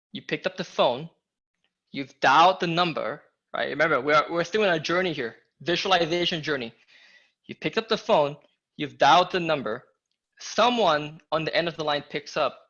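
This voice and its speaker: Male sales coach, upbeat and emphatic, fairly high voice, dull lo-fi audio. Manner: energetic, emphatic, talks to the audience directly. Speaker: sales trainer. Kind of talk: live online training talk.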